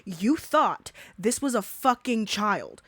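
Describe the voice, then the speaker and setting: A woman's voice: medium pitch, sing-song, slow pace, a bit bright, breathy edge, no echo. A woman giving a profane reaction commentary, ranting angrily and swearing heavily. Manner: angry, ranting, heavy swearing.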